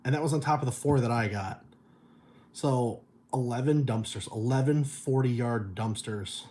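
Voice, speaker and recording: A man's voice: medium pitch, moderate pace, mellow, a little hiss or hum. A middle-aged man chatting casually on a livestream, telling stories and reading viewer messages, loose and profane, chuckling often. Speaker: vlogger reading viewer chat.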